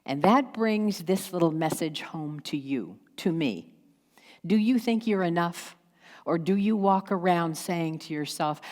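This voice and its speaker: Slow-preaching woman pastor in echoing hall. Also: on the low side, lively intonation, darkish tone. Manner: slow, emphatic preaching with pauses and acted asides. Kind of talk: sermon. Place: church sanctuary. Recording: long hall reverb.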